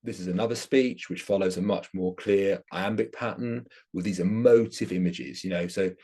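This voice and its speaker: A man's voice: low voice, fairly even intonation, normal speed, dark tone, husky. A man giving an academic lecture, explaining his subject with enthusiasm.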